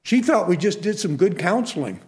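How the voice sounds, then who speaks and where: A man with a fairly high voice preaching in a fervent, folksy way. He moves between homespun stories and punchy exhortations, then eases into a closing prayer. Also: very animated, normal speed, darkish tone. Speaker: Christian minister.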